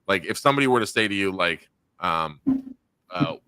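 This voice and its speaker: A man's voice: sits low, moderate pace, smooth, no echo. A man hosting a podcast in casual chat, telling stories and swearing freely. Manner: animated, swears a lot, tells stories. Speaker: podcast host.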